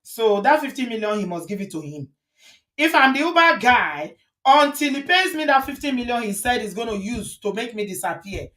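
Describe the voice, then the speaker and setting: A woman's voice: fairly high pitch, animated, normal speed, fairly bright tone. A woman hosting a show, commenting indignantly on a video and repeating phrases for emphasis. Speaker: host reacting to a viral video. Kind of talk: casual commentary.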